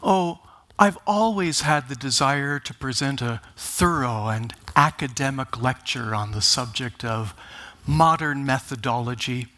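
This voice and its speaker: A man's voice: mid-range voice, a little slow, pushed and bright. A man telling a joke, voicing an eager agile coach who earnestly longs to give a lecture.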